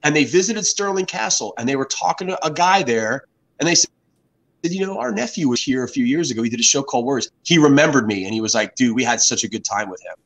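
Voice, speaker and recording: A man in his fifties, a guest telling casual anecdotes over beers in an animated, profane way. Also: mid-range voice, fast, rough recording. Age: 50s.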